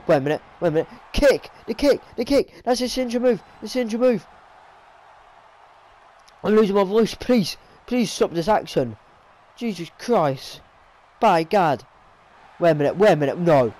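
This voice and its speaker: A young man giving excitable play-by-play commentary on a wrestling video game, repeating his calls and tripping over his words. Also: high-pitched, rough recording.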